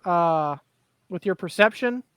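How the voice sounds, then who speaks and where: A man's voice: high voice, animated, unhurried, fairly bright tone, smooth. A man running an online tabletop game as game master, narrating events in an easygoing, matter-of-fact way.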